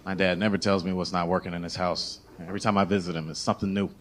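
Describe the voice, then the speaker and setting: A man doing a stand-up comedy set on a club stage. He tells his stories in an animated, swearing style into a handheld mic. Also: low-pitched, very fast, very noisy.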